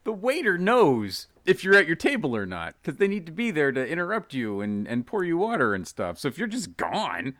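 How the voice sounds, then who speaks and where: A man with a bright, forward tone cracks jokes in a casual podcast chat. His pitch swings widely as he tells stories, and the recording is close and dry. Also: huge pitch swings, normal speed, hardly any pauses, dry recording. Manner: jokey, laughs a lot, does silly voices. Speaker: podcast co-host.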